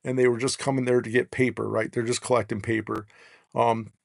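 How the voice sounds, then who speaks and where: Gravelly man telling rambling stories. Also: medium pitch, level tone, a little fast, no echo. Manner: rambling, peppers lines with "right?". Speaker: podcast guest. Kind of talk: casual storytelling.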